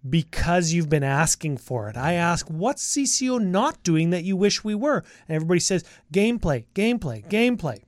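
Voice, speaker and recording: Steady, higher-voiced podcast co-host. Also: male voice, normal speed, few pauses, no room sound, studio quality. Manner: steady, explanatory, teasing. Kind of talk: casual podcast talk and sponsor reads. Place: podcast recording booth.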